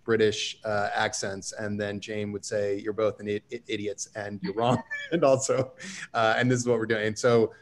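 A man's voice: on the low side, flat delivery, moderate pace. A man speaking on a panel, conversational and emphatic with dry humor. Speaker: writer on a panel. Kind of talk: panel discussion.

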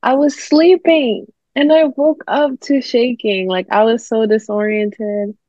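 A woman guest on a podcast, chatting in a relaxed, unhurried way, heard through a dull lo-fi recording. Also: on the high side, no room sound. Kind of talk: casual chat. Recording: dull lo-fi dry sound.

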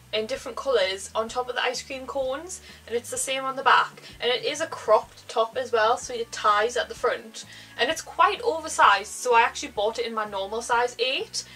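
Young North East English woman, higher voice, chatty haul vlogger, faint music behind. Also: bright, forceful tone, low-quality recording. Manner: rambling, filler-heavy, says "like" often. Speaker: fashion vlogger. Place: home, indoors.

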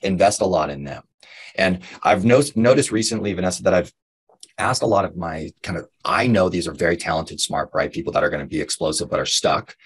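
Brief: low, husky man, casual coach host, rambling and animated. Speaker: host, real estate coach. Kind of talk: interview conversation.

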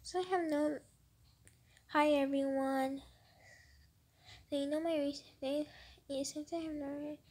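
A woman's voice: high-pitched, steady tone, measured pace, pauses often, darkish tone. A woman giving casual, rambling commentary on a screen recording of her own old video, mocking it. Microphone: phone screen-recorder mic.

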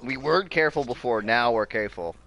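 A young man chatting casually and joking excitedly while playing a video game with a friend. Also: medium pitch, quick pace, muffled recording. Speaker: gamer. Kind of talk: casual gameplay chat.

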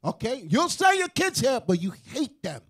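A man with a very high voice preaches to a room, hammering each point and often breaking into loud, forceful calls. His delivery is emphatic and confrontational. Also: big pitch swings, moderate pace, breathy edge. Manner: emphatic, rising to shouts. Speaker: teacher in a religious group.

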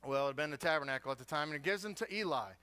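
Bright, lively male guest preacher. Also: on the high side, very fast. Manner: humorous, animated storytelling. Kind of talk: sermon. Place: church.

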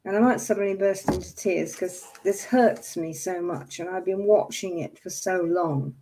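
A woman's voice: on the low side, moderate pace, mellow, a little hiss or hum. A woman in her seventies hosting a livestream, talking to viewers in an angry, emphatic way and apologizing for her outbursts. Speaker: livestream host. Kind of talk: impassioned casual talk to viewers.

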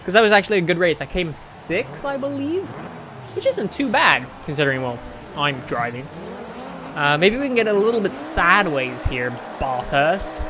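A man commenting on his racing game play in a chatty, self-mocking way, with sudden excited outbursts. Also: a little high, normal speed, noisy background. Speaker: gaming channel host.

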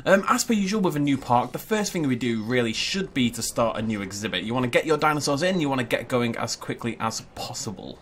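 A man giving chatty, excitable gameplay commentary and thinking aloud as he plays. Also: medium pitch, fast, few pauses, slight background noise. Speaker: gaming YouTuber.

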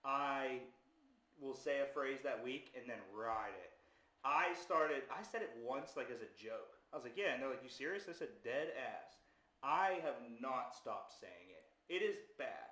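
A man hosting a casual group chat podcast, excitable and laughing often, with sudden loud whoops. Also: medium pitch, unhurried. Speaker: podcast host. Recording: roomy echo.

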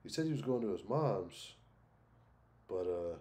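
Warm-voiced crude streamer man. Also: lowish voice, very animated, unhurried. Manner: crude, blunt and swearing, drawling. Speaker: streamer reacting to videos. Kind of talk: casual reaction chat.

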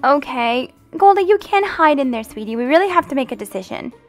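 A woman hosting a game roleplay as the mom, talking in an animated, playful, motherly coaxing way. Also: high-pitched, brisk, soft background music. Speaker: host and roleplayer playing the mom. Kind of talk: casual game roleplay chat.

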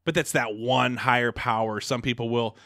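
A man's voice: medium pitch, fairly even intonation, moderate pace, fairly bright tone, dry recording, studio quality. A young man hosting a casual podcast, rambling with lots of fillers and restarts, a little out of breath. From Pacific Northwest. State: slightly out of breath. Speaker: podcast host.

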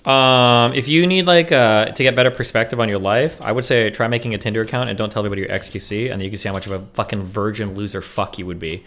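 Brief: man, lowish voice, blunt and profane, roasting someone. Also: fairly even intonation, fast talker, few pauses, a bit bright. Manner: blunt, insulting, heavy swearing. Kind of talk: casual chat.

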